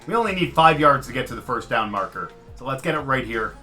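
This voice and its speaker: A man giving live commentary over his own football video game, swinging from muttered frustration to loud excitement. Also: medium pitch, quick pace, soft background music. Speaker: gaming commentator.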